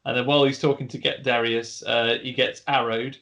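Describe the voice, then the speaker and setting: A man's voice: mid-range voice, level tone, brisk, a bit bright. A man casually retelling a film plot as a podcast co-host, rambling with restarts.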